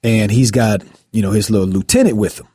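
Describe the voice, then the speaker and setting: A man hosting a podcast in casual chat, an animated storyteller who acts out the scenes he retells. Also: on the low side, brisk, breathy edge, no room sound, studio quality. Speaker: podcast host.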